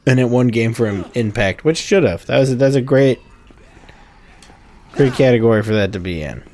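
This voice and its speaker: A man's voice: medium pitch, expressive, moderate pace, darkish tone. A man hosting a gaming video, rambling casually in let's-play commentary and correcting himself as he goes. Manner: rambling, chatty, self-correcting.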